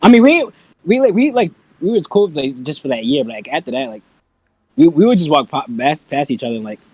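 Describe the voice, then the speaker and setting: A young man chats on a casual podcast, talking in a loose, giggly way with plenty of filler words. His voice is a little high and swings widely in pitch. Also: big pitch swings, fairly quick, dark tone, breathy edge, no room sound. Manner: laid-back, lots of "like" fillers, giggly. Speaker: podcast co-host. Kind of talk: casual storytelling chat.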